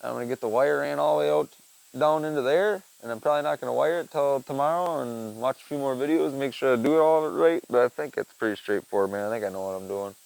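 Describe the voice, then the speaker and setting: A man's voice: medium pitch, fast, creaky, low-quality recording. Profane rambling young man. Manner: rambling, profane, swings from mumbling to loud. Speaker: podcast host. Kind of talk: casual solo chat.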